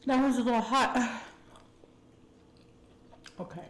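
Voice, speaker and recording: A woman with a Texan accent telling a candid, chatty personal story to her viewers, full of fillers and animated retellings. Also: on the high side, slow, roomy sound. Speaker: food vlogger telling a story. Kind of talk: casual storytime chat.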